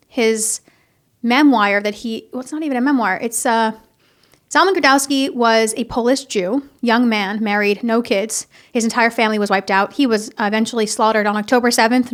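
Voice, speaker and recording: Woman, young adult, slightly high voice, earnest, halting, casual podcast chat. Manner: earnest, halting, with many restarts and fillers. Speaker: podcast host. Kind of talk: casual heartfelt podcast talk. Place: home in Florida.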